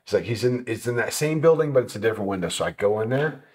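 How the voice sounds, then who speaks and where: A man telling a travel story in a casual sit-down interview, animated and swearing, acting out what people said. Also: fairly low pitch, fast. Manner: animated, swearing, acts out quotes. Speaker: motorcycle traveler telling his trip.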